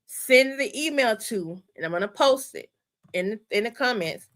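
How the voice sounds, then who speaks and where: A bright, forceful-sounding woman hosts a casual livestream. She talks straight to her viewers, excitable and chatty, and keeps repeating her instructions so nobody misses them. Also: a little high, a little slow. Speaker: channel host. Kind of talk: casual livestream store walkthrough.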